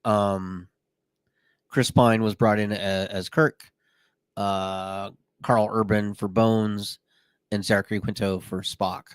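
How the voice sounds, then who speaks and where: A man's voice: lowish voice, slow pace, clear, resonant tone, dry recording. Man chatting casually on a podcast. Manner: relaxed, frequent short agreements. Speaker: podcast co-host. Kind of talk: casual chat.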